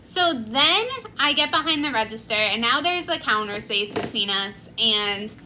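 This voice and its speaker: Slow, bright-voiced young woman. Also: a little high, lively intonation, slight background noise, low-quality recording. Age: 20s. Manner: chatty, many "like" fillers. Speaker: vlogger. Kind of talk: casual storytime.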